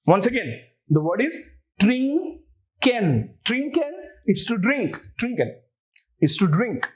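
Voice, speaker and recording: A man's voice: sits high, very animated, measured pace. A man with an Indian English accent, teaching an online language lecture and patiently spelling words out letter by letter.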